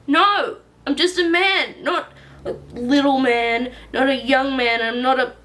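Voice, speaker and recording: A woman voicing an angry, grumpy young man in a story reading, protesting loudly. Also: fairly high pitch, big pitch swings, normal speed, creaky. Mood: indignant. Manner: indignant shouting. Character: angry grumpy young man who hates being called little.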